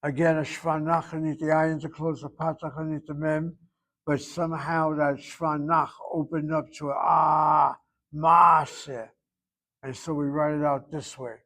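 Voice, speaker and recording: A man teaching a Hebrew grammar class, explaining word roots slowly and drawing out pronunciations, with dry self-assured asides. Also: a little high, level tone, a bit bright. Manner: slow, explaining, drawn-out pronunciations.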